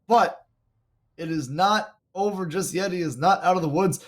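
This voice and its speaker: A man calling live esports play-by-play, excitable, with quick exclamations and frequent laughs. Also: sits high.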